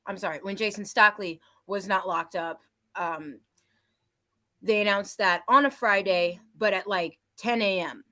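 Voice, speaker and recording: A woman's voice: on the low side, pushed and bright. A woman on a discussion panel, speaking hesitantly with many fillers and restarts.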